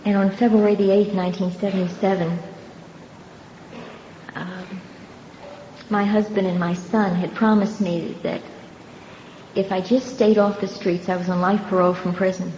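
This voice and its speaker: An older woman giving her personal testimony at a recovery meeting, telling her story earnestly and unhurriedly with pauses and soft laughs. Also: medium pitch, flat delivery. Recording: dull, roomy hall recording with faint background noise.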